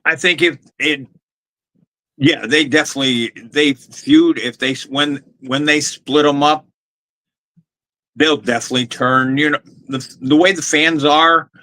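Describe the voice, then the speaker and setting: A man's voice: fairly high pitch, fairly even intonation, measured pace, pushed and bright, rough recording. A man co-hosting a wrestling podcast, talking loosely with many fillers. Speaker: podcast co-host. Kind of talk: casual wrestling talk.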